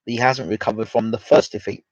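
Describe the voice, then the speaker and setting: A man's voice: fairly low pitch, steady tone, fairly quick, dry recording. A man hosting, casually retelling a conversation in a rambling way, stacking "he said, I said" as he goes. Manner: rambling storyteller, repeating "he said, I said". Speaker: host. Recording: dull lo-fi dry recording.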